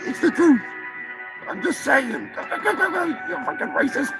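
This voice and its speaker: A man's voice: very high-pitched, very animated, moderate pace, over loud music, voice pushed up, full character voice, rough recording. Turkey Surprise, a man squealing as a crude turkey. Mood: ranting. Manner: squealing, profane, chanting. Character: crude, hyperactive male turkey sidekick.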